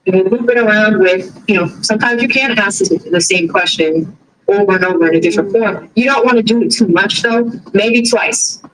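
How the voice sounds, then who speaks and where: A woman's voice: mid-range voice, moderate pace, a little hiss or hum, poor audio. A woman from Boston with a Boston accent, hosting a livestream in a chatty, rambling style full of fillers and restarts. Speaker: livestream host. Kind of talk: casual livestream commentary.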